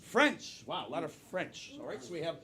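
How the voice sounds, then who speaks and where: A man's voice: on the high side, sing-song, normal speed. An American man hosting a live improv comedy show, upbeat and emphatic as he sets up the games. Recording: live show with crowd and noise.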